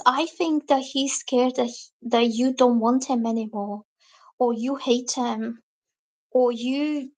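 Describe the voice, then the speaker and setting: Her voice is fairly high as she reads tarot on a live stream, chatting with viewers, reading their comments aloud, and explaining each card. She's lively and now and then acts out the reactions a person might have.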